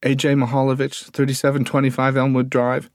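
A man reading an audiobook, voicing a brusque uniformed man with a clipboard who talks in a brisk, distracted, businesslike way. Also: mid-range voice, monotone, no echo, clean studio sound, pitched above the performer's own voice, natural voice.

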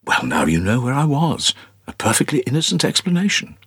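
A man reading an audiobook, voicing a glamorous, breezy young wife with a light, breathy, playful delivery. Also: mid-range voice, very animated, a little fast, fairly bright tone, dry recording, studio quality, voice pushed up, exaggerated voice. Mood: teasing.

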